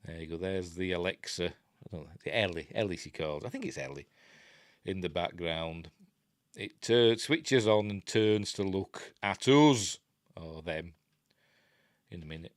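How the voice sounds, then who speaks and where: A man's voice: deep voice, expressive, a little slow, dry recording, clean studio sound. An older man with a Yorkshire accent, casually talking through a film review with rambling, self-interrupting chat and wry asides. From Yorkshire, England.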